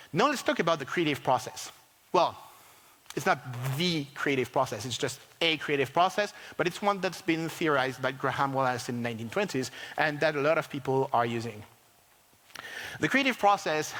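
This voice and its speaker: Man speaker at a tech conference, higher voice, lively, lots of ums, long hall reverb. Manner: animated, many fillers and restarts.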